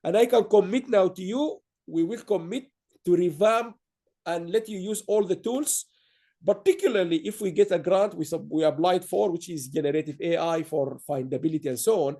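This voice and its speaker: A man hosting an online awards ceremony. His voice sits high and is gravelly, with a dark, mellow tone. He rambles warmly through praise and stops to restart his sentences. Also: moderate pace. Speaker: awards host.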